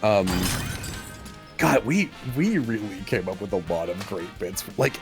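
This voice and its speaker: Man, casual stream chat, animated storytelling, quick laughs, faint music underneath. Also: on the low side. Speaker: livestream co-host.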